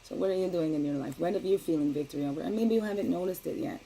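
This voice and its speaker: In a rough recording with slight background noise, a middle-aged woman races through a relaxed daily spiritual card reading. Her voice is fairly low, and her gentle talk drifts around, punctuated by frequent "right?" checks.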